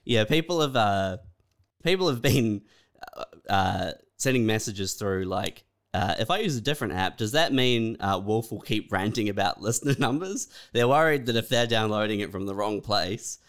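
Relaxed male co-host with a smooth, lively voice, laid-back, quick to laugh. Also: fairly low pitch. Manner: laid-back, short replies, laughs easily. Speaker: podcast co-host. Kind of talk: casual comedy podcast chat.

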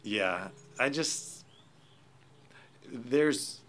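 A man's voice: mid-range voice, expressive, drawn-out words, a bit bright, slight background noise. A man hosting a podcast, chatting casually with dry, sardonic teasing. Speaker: podcast host.

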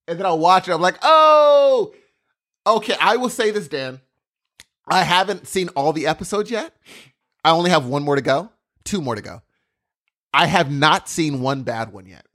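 A man co-hosting a casual podcast who is excitable, laughs easily and acts out his own reactions. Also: on the high side, normal speed. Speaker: podcast co-host. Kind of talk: casual chat.

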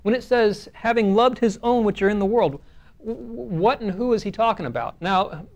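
A man's voice: sits high, moderate pace, darkish tone. A man pastor leading a Bible study, reading scripture aloud with emphasis and explaining it in a conversational way with frequent fillers.

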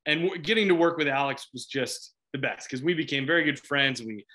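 A middle-aged actor from Chicago is a guest in a casual interview, talking a bit fast in a mid-range voice that's bright and forceful. He laughs often and rambles, restarting sentences as he goes.

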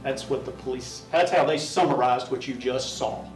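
A man's voice: medium pitch, moderate pace, over loud music. Man arguing in a courtroom from afar. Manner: forceful, repetitive persuasion. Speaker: defense attorney. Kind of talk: courtroom closing argument. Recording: roomy distant courtroom audio.

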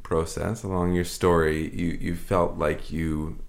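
A podcast co-host with a very deep voice, putting a question to his guest. He searches for his words thoughtfully as he goes. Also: little pitch movement, measured pace, vocal fry. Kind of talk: interview questions.

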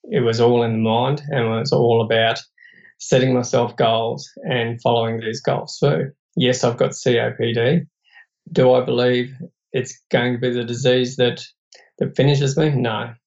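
A man's voice: medium pitch, darkish tone, muffled recording. Earnest Australian man telling his story. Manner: earnest, reflective, plain-spoken. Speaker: podcast guest. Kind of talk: personal storytelling in an interview.

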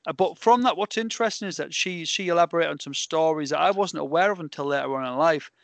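A British man hosting a podcast, telling stories in a rambling, animated way with lots of fillers. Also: a little high, fast, vocal fry, no room sound. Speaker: podcast host. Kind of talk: casual chat.

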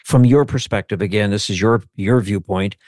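Low-voiced, courteous male interviewer. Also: normal speed, a little mellow, no echo, studio quality. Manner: polite, courteous, slightly rambling questions. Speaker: interviewer, host. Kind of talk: interview questions.

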